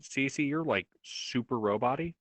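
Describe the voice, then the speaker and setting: Relaxed man running a tabletop game. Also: medium pitch, a little slow. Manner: relaxed, joking, thinks aloud. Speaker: game master.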